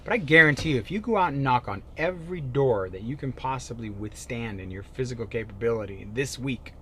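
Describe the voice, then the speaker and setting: A man's voice: mid-range voice, a little fast, slight background noise. Emphatic man coaching sales. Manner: emphatic, animated, swings between loud bursts and quiet asides. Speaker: real estate sales coach. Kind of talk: motivational coaching talk.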